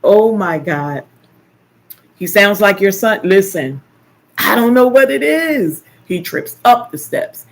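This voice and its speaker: An older woman hosting a casual live stream, chatting and telling animated stories with playful teasing. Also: mid-range voice, takes it slowly. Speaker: live stream host, caregiver. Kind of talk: casual chat.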